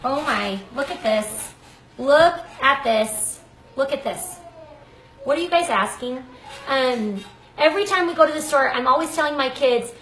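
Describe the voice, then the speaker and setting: Super high-voiced lady hosting a live cooking stream from her kitchen, gushy and scattered, lots of echo. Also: a little slow, fairly bright tone, a little hiss or hum. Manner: chatty, effusive, often breaks off mid-sentence. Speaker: cooking show host. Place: home kitchen. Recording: echoey kitchen. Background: baby crying.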